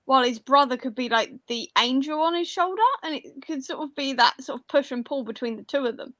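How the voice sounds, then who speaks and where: High-voiced woman chatting on a call. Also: fairly quick, fairly bright tone, no echo. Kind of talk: casual video call chat. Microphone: video call.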